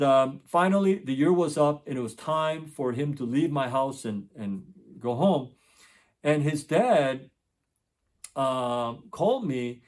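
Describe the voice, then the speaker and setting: A middle-aged man, a tutor hosting his channel, telling a story in a casual monologue and earnestly repeating his points for emphasis. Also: mid-range voice. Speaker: tutor and education channel host.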